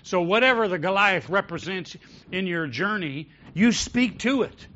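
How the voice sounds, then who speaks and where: A pastor preaches in a bright, forceful voice pitched a little high for a man. He swings from loud, emphatic declarations down to quiet, intimate storytelling. The recording sounds somewhat dull and lo-fi. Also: animated, normal speed. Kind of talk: sermon. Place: church.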